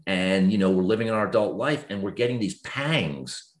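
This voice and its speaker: A man in his fifties, a guest author, talking earnestly and reflectively in a podcast conversation. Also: normal speed. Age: 50s. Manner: earnest, reflective, lively swings in pitch when explaining.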